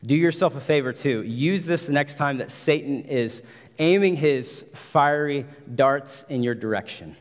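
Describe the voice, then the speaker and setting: A man's voice: mid-range voice, unhurried, big-room sound. A man preaching a sermon as pastor, emphatic, repeating phrases and building intensity.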